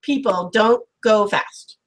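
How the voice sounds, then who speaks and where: A woman's voice: mid-range voice, slow pace, rough recording. A woman from St. Louis, Missouri, hosting a casual video-call interview, chatty and teasing in her questions. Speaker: podcast host.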